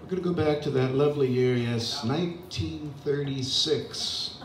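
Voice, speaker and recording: With a voice a little high at a moderate pace, an older man who hosts an open mic and sings talks casually and self-deprecatingly between songs. There's slight background noise, and the roomy recording from a distant mic has guitar playing behind.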